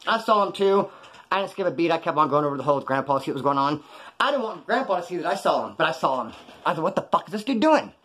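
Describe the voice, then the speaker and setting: A middle-aged man tells a prison story in a rapid, loose stream, swearing freely and acting out what others said. His voice sits a bit high for a man, and he barrels along without slowing down. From Bakersfield, California. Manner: rapid, profane, animated, acts out others' lines. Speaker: former prisoner telling stories. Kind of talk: casual storytelling.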